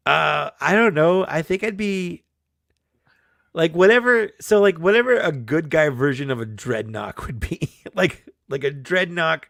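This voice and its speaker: A man's voice: fairly high pitch, lively intonation, a little slow, gravelly, a bit bright, no echo, clean studio sound. A man chatting as a guest, jokey and self-mocking, laughing often. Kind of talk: casual chat.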